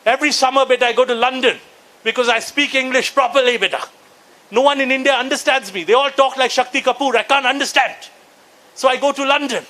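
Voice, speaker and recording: Fussy elderly Indian gent, preachy and prim, put on by a male comic; very high pitch. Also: fairly even intonation, quick pace, sharp tone, rough recording. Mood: complaining. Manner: preachy, repeats 'beta'. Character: prim older Indian man, fussy about proper English.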